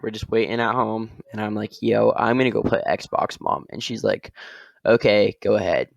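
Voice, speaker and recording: A man's voice: fairly low pitch, normal speed, vocal fry, dry recording, highs cut off. Rambling young man telling a story. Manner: rambling, tags sentences with "all right?". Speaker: podcast host. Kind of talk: casual storytelling.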